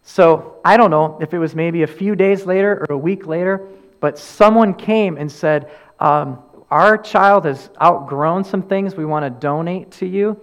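A man's voice: on the high side, unhurried. A man preaching a sermon as pastor, earnest, repeating key phrases and rising and falling for emphasis.

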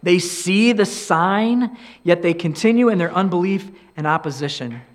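Middle-aged male preacher, earnest and conversational, slightly higher voice, tells stories in his sermon. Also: expressive, normal speed. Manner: conversational, earnest, acts out quoted dialogue. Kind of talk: sermon with storytelling.

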